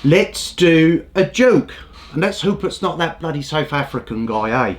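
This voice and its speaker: A man's voice: on the high side, animated, unhurried, a little hiss or hum. A man hosting a show, delivering sweary, indignant comedic commentary. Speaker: host.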